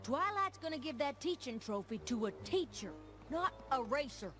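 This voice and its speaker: An actress voicing a hardworking, folksy farm pony in a cartoon. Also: female voice, high voice, big pitch swings, normal speed. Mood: firm. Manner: folksy, sayings. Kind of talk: cartoon voice acting. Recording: studio voice over cartoon music.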